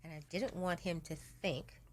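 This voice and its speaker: Calm woman chiming in, low voice. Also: normal speed, slight background noise. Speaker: guest, co-author. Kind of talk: casual interview talk.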